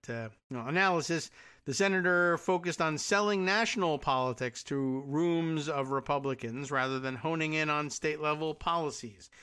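A man's voice: medium pitch, bright, forceful tone, clean tone. A man hosting a radio show, giving a sardonic political commentary monologue full of rambling asides.

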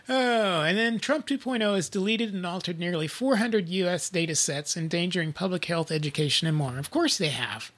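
A man's voice: high-pitched, brisk, a bit bright. A man co-hosting a casual political talk show, retelling stories and laughing often. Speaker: podcast co-host.

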